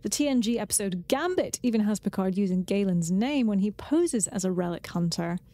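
A woman co-hosting a podcast, recapping trivia in a measured, informative way. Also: medium pitch, animated, mellow, dry recording. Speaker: podcast co-host. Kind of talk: casual chat, recapping trivia.

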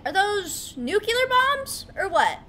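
Woman, gaming commentary, high voice, very lively, excitable, chatty to herself. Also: slow, a little hiss or hum. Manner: excitable, talks to herself, yelps. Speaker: gaming streamer. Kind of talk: casual gameplay commentary.

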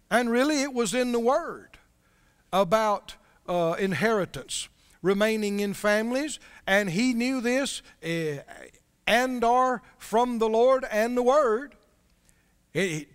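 A man's voice: sits high, clean tone, big-room sound. A man preaching a sermon as pastor, conversational, asking his congregation questions as he reads.

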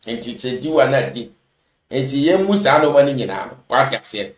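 A man's voice: mid-range voice, lively intonation, a little fast, echoey room. A man delivering spoken commentary in a preachy, lecturing manner.

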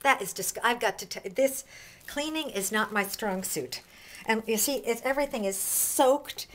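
Woman vlogger, fairly high, lively and self-deprecating, handheld camera in a bathroom, hissy sound. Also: moderate pace. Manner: animated, exasperated, self-mocking. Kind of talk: casual home video. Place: apartment bathroom.

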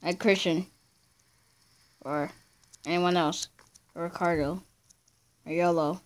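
A woman's voice: lowish voice, fairly even intonation, slow. A woman casually commenting on her own gameplay, chatty and talking to herself, breaking into screams when she fails. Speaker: gameplay channel host.

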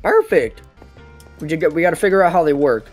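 A man from the United States playing a video game with a friend, goofy and quick to laugh. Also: on the high side, soft background music. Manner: goofy, laughing, shouts when excited. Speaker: gaming YouTuber. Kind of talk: casual gaming commentary.

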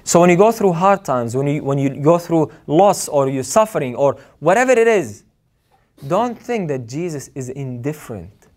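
Guy preaching a sermon, kinda high voice, earnest, repeats stuff for emphasis. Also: sing-song, normal speed, a little mellow.

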